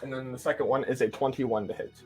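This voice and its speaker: A man plays in a tabletop game, speaking at a middling pitch and eagerly describing his character's attacks move by move. His delivery is relaxed, like an everyday conversation, with faint music playing softly in the background. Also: quick pace. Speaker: player.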